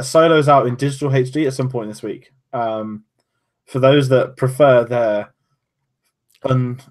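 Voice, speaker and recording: A man's voice: medium pitch, darkish tone. Chatty man co-hosting a podcast. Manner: loose and chatty, often trails off mid-sentence. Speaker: podcast co-host. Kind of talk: casual podcast chat.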